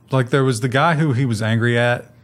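A man's voice: medium pitch, creaky. Joking man co-hosting tech news. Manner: joking, mock-corporate asides, quick banter. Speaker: news show co-host. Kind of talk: casual tech news chat.

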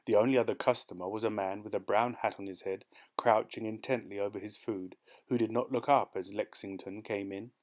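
Man, audiobook narrator, measured storytelling, fairly low pitch. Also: steady tone, a little mellow.

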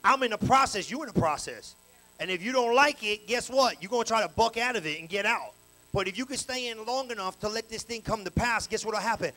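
Male pastor, very high voice, animated slangy sermon with call-and-response. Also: brisk, rough recording. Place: church sanctuary.

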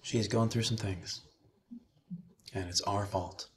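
A man minister leading a slow, soothing guided meditation with breathing cues, then speaking to a chapel congregation. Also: fairly low pitch, fairly even intonation, a little hiss or hum.

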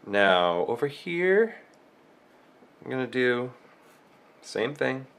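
A man's voice: mid-range voice, very animated, slow pace, fairly bright tone, clean tone. A man with a cold who hosts a drawing tutorial, talking through each stroke step by step and thinking aloud as he draws. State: has a cold.

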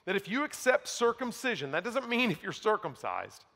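A man preaching a sermon from the pulpit, emphatic, dropping to quiet asides and mocking the other side. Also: sits high, huge pitch swings, moderate pace, vocal fry. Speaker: pastor. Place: church sanctuary. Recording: long hall reverb.

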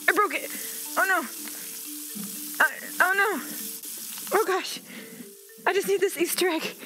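A woman's voice: very high voice, sharp tone, a little hiss or hum. A young woman commenting on a game, gasping, squealing and talking baby-talk to the animals. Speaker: gaming video creator. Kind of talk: excited gameplay commentary.

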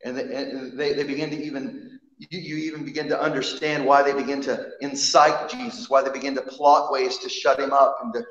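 A man's voice: medium pitch, flat delivery, a little fast, hardly any pauses, a bit bright. A man preaching a sermon, emphatic, often repeating and restarting his words. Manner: emphatic, frequent repetitions and restarts. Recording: echoey hall, dull sound.

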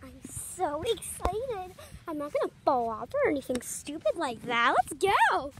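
A woman voicing an excitable, clumsy young girl at a playground, chattering through everything she does and yelping when she tumbles. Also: extremely high pitch, measured pace, heavily acted. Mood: chatty. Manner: chatty running self-commentary, squealing and yelping. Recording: noisy background.

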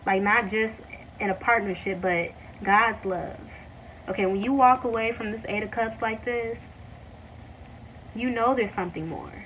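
A woman reads tarot cards for her viewers in a loose, chatty way, calling them y'all and drawing out excited exclamations. Her voice sits at an ordinary pitch. She sounds a little distant from the microphone, with a faint hiss behind her. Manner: excited, animated bursts with drawn-out exclamations; addresses viewers as y'all, many fillers. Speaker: tarot reader. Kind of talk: casual tarot reading.

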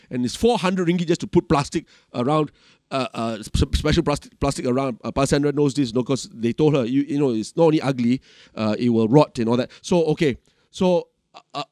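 A man's voice: on the high side, darkish tone, no echo, studio quality. A middle-aged male pastor with a Malaysian English accent, preaching a sermon in a conversational way, telling a personal story with lots of asides and fillers.

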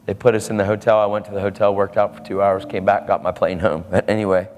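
A man's voice: fairly low pitch, level tone, fast, a little mellow, a little hiss or hum. A man preaching a sermon, telling a story and acting out the people in it. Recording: live hall with long reverb and faint ambience.

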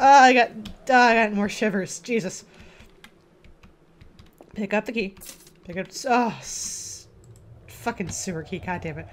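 Playing a horror game, this woman narrates her run in a mid-range voice, a bit tired, easily startled and swearing as she makes jokes to herself. There's some faint background noise.

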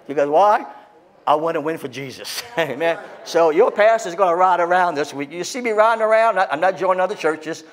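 A man, a pastor, preaching a sermon with impassioned, excitable delivery that swings between loud peaks and quiet scripture reading. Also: a little high, brisk.

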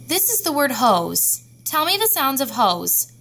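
A woman leads a phonics lesson for young children. She speaks slowly in a fairly high voice and sounds out each letter with care. A faint hum sits under the recording. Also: big pitch swings, sharp tone. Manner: slow, clear, sounding out letters. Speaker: teacher.

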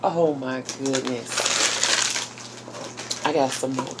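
A woman's voice: very deep voice, fairly even intonation, takes it slowly, very noisy. A woman in a casual unboxing vlog, talking straight to her viewers in an effusive, exclamatory way and gushing with delight as she opens each item. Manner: talks to viewers as "y'all" and "girl". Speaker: YouTuber.

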